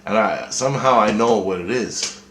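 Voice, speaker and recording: Low-voiced man rambling through a story. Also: normal speed, fairly bright tone. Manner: rambling, profane, restarts often. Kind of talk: casual dream retelling. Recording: echoey room, faint noise.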